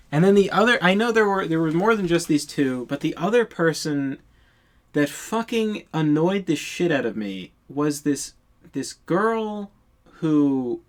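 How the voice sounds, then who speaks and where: A man telling a storytime tale in a casual monologue, exasperated and profane, rambling with many restarts. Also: a little high.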